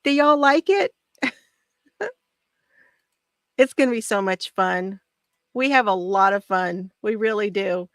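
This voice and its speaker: A woman hosting a casual crafting video, bubbly and excitable, laughing often as she talks. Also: medium pitch, takes it slowly, long pauses, no room sound. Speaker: knitting video host.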